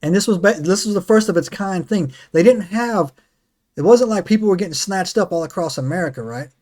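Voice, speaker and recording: A man hosting a casual podcast chat, an excitable storyteller who keeps checking in with "right?" and "man". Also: high-pitched, fairly quick. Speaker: podcast host.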